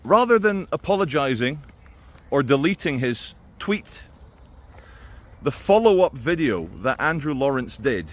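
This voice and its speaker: Chatty man giving opinions. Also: medium pitch. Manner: conversational and animated, with quoted impressions. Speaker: video commentator. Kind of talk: opinionated monologue commentary.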